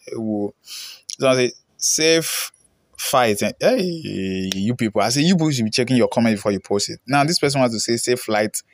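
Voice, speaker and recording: Man, Ghanaian accent, young adult, reaction host, reads comments, pidgin asides, medium pitch, dry sound. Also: expressive, quick pace, no echo. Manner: chatty, slips into pidgin, reads comments aloud.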